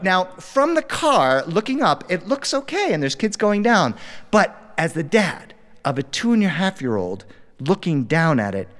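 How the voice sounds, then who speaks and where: A middle-aged man telling a personal story live in a studio before an audience, acting out the voices and swinging his pitch wide for drama. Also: in a large hall. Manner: animated, acts out dialogue with big pitch jumps.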